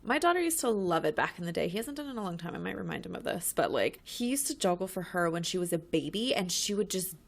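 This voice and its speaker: A woman's voice: fairly low pitch, sing-song, fast, vocal fry, hardly any pauses. A woman in her thirties co-hosting a podcast, chatting casually and laughing easily. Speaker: podcast co-host. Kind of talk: casual chat.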